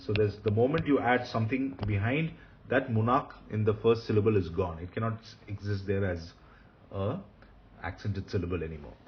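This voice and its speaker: A man teaching Hebrew grammar in a recorded lecture, patient, repeating key points and often pausing with fillers. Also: lowish voice, muffled recording, a little hiss or hum.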